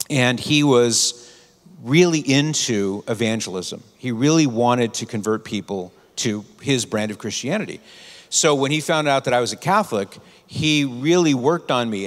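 Male conference speaker, earnest and anecdotal, mid-pitched, reverberant hall. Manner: storytelling, earnest advice. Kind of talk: conference talk.

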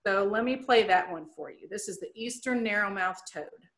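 A woman's voice: mid-range voice, normal speed, a bit bright. A woman educator giving an online presentation, explaining things plainly and chattily with playful asides.

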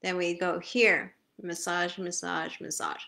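A woman leading a live guided face massage session, giving slow, soothing step-by-step cues. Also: fairly low pitch, steady tone, vocal fry, bright, forceful tone. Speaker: self-care instructor.

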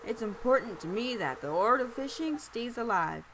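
A woman reading aloud the lines of a folksy old male fisherman and shopkeeper from a game, in a slightly lowered voice. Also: animated, normal speed, fairly bright tone, slight background noise.

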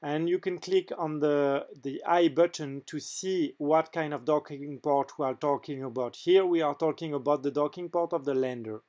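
A man with a French accent, French his first language, narrating a software demo in a hesitant way with frequent filler pauses. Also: a little high. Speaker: game mod developer.

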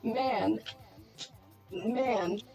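A woman's voice: medium pitch, extremely slow, mellow, faint music behind. A woman live-streaming a game and chatting casually with viewers, giggly and bubbly, flustered and self-deprecating, with a robot voice filter on. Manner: giggly and bubbly, laughs often.

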